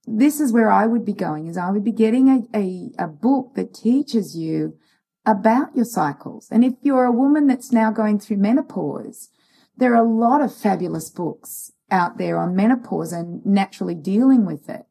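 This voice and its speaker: A woman's voice: mid-range voice, expressive, normal speed, creaky, warm tone, breathy edge. A woman co-hosting a casual chat who gives earnest advice with plenty of hesitations. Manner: earnest, advising, with many fillers. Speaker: podcast co-host.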